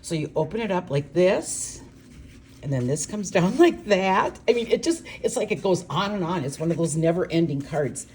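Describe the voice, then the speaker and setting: An older woman from Minnesota, chatting warmly and gushing as she demonstrates card-making. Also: fairly low pitch, lively intonation, normal speed, a little hiss or hum. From Minnesota, USA. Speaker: craft demonstrator.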